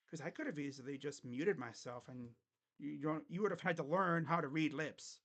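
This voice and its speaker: A man's voice: on the high side, normal speed, a bit bright, lo-fi sound. A man hosting a casual sports livestream, grumbling and sarcastic, swearing offhandedly at a desk microphone.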